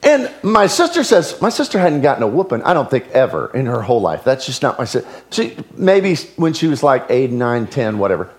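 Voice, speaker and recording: A male pastor preaches a sermon, telling stories animatedly and swinging between loud and hushed delivery. His voice is mid-range and brisk, with hardly any pauses.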